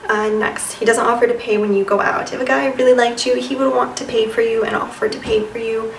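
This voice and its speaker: Young female vlogger, sassy and chatty, bright voice, recorded a bit far off in a roomy space. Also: fairly high pitch, fairly even intonation, fairly quick, slight background noise. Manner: chatty, lots of "like" and "you know", sassy asides. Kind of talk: casual advice chat. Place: room with a white wall. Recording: echoey room, voice a bit off-mic.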